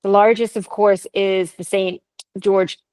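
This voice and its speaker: A Canadian woman co-hosting a podcast tells ghost stories casually and chattily, with laughs and asides. Her mid-range voice is level, mellow, and a bit slow, captured on a dry, rough recording.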